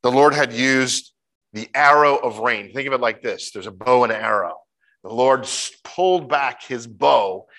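Guy preaching a sermon, chatty and animated, does goofy high voices when he tells stories. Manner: animated storytelling, mimics voices with big pitch jumps.

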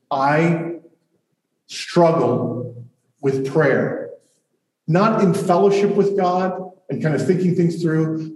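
Pastor with a dark, mellow voice. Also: male voice, medium pitch. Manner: earnest, reflective, with long pauses. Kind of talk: sermon and congregation Q&A. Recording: roomy hall audio from a distant mic.

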